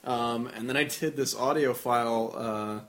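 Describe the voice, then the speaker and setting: A man on a podcast, rambling and animated in casual chat, swearing freely. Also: medium pitch, unhurried.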